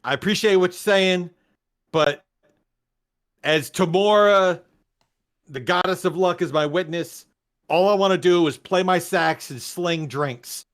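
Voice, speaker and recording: A man's voice: high-pitched, a little slow, pauses often. A man voicing a weary bartender and sax player who wants out of crime, pleading in an easygoing way with a put-on accent. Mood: earnest.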